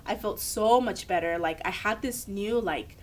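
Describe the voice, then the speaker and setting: A woman's voice: mid-range voice, measured pace. A young woman, a podcast co-host, telling a candid personal story in casual chat and acting out the people she quotes.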